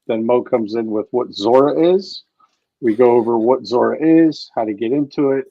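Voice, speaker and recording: A man hosting a casual crypto livestream, excitable and swearing freely as he talks to viewers. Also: mid-range voice, normal speed, no echo, dull audio. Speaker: livestream host.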